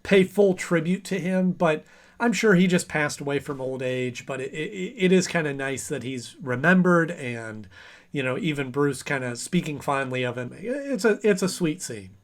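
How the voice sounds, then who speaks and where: A chatty man in his thirties hosts a casual review of an old cartoon in a somewhat high voice. He talks with relaxed enthusiasm. He now and then acts out lines in playful voices. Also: moderate pace. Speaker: host of a cartoon review show.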